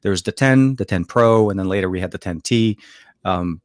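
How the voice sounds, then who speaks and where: A man's voice: deep voice, normal speed, no room sound, clean studio sound. A man co-hosting a casual tech chat, rambling with many fillers and restarts. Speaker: co-host.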